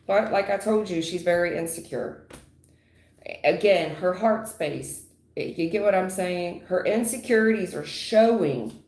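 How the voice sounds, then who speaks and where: A woman's voice: on the low side, a little slow, darkish tone, a little hiss or hum. Blunt, slangy woman reading tarot live. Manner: emphatic, repetitive, slangy and blunt. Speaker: tarot reader. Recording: roomy echo.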